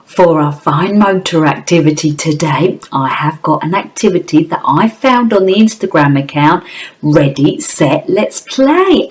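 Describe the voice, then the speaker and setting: A woman's voice: low-pitched, darkish tone, poor audio. A woman teacher giving a phonics lesson to young children, in an exaggerated, coaxing sing-song. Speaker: primary school teacher.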